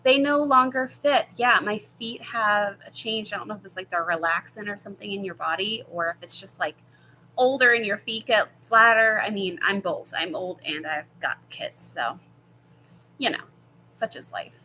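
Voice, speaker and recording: A woman in her thirties hosts a casual live chat from home on her laptop, answering viewer questions in a friendly, rambling way full of fillers and laughs. Her mid-range voice is bright and forceful at a normal speed. The recording is rough, with slight background noise.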